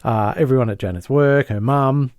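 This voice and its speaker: A man, co-hosting a podcast and casually retelling a sitcom episode with lively impressions of the characters. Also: medium pitch, normal speed, no room sound, clean studio sound. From Australia. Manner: animated storyteller, mimics the characters' lines. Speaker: podcast co-host.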